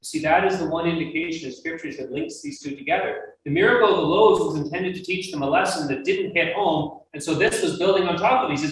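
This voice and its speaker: A man's voice: a little high, a little fast, hardly any pauses. A man giving verse-by-verse Bible teaching, earnest and emphatic, putting questions to his listeners. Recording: very echoey room, mic at a distance, faint noise.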